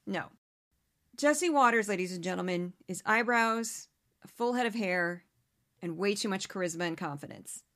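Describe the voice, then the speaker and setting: A woman hosting a political commentary podcast, talking in a sarcastic, animated way and mocking the people she quotes. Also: on the high side. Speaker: podcast host. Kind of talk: opinionated commentary.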